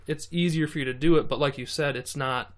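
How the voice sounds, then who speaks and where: A man's voice: fairly high pitch, steady tone, fairly bright tone. A man who beatboxes, a guest on a podcast, explaining things in casual chat with lots of fillers. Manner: quick, filler-heavy explaining.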